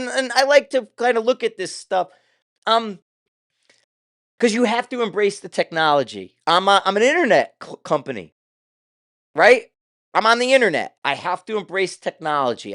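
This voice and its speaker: A man's voice: a little high, a bit bright, clean tone, no echo, clean studio sound. An older man hosting his own show, talking in a casual, rambling way with loose, profane asides. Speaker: show host.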